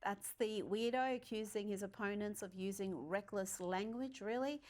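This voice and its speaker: A woman's voice: medium pitch, moderate pace, a little mellow. A woman hosting a political news commentary, reading a script with a sarcastic, mocking delivery.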